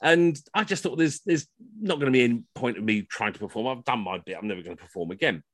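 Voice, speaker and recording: A man's voice: mid-range voice, fast, a bit bright, no echo. A middle-aged man and costumed history entertainer, telling rambling, self-mocking comic stories over a video call from home.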